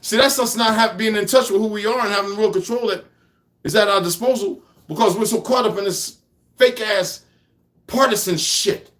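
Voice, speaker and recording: A man's voice: high voice, normal speed, fairly bright tone. Profane, heated man ranting to viewers. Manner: talks to his puppy between points. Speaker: vlogger. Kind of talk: casual rant to viewers. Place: at home by an open patio door.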